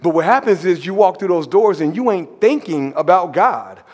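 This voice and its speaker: A male pastor telling a story in a sermon, animated and conversational, sometimes dropping to a hushed emphasis. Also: sits high, moderate pace, big-room sound. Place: church sanctuary.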